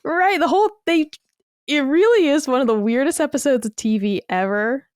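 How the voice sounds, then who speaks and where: A woman chatting casually on a podcast, blunt and animated, swearing freely. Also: high-pitched, moderate pace, no echo, clean studio sound. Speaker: podcast guest.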